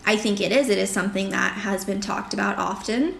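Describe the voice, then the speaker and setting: A woman's voice: medium pitch, fairly quick, gravelly, echoey room, slight background noise. A woman guest in a casual podcast chat, telling a story with energy and acting out what she said at the time. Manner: animated storyteller who acts out her own past remarks.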